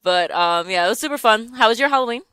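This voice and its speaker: A woman's voice: a little high, quick pace, clean tone, dry recording. A young woman hosting a casual morning radio chat from a studio, telling stories with frequent giggles. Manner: giggly, lively storyteller. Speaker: radio show host. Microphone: studio microphone.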